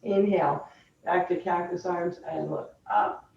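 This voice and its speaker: A woman yoga instructor calmly guiding a chair yoga class, cueing breath and movement step by step. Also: on the low side, unhurried, vocal fry, a little hiss or hum. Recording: roomy, distant, dull sound.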